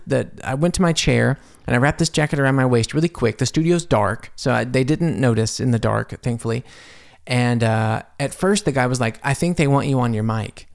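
Podcast host, male, gravelly mid-range voice, rambling storyteller from a home studio. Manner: animated, jumps high when quoting himself; rambling with restarts and asides. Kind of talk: casual storytelling monologue.

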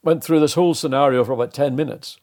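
A man's voice: medium pitch, fast. An older man, a former racing driver, telling anecdotes in an interview and acting out the dialogue. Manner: animated, acts out quoted dialogue. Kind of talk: anecdotal storytelling.

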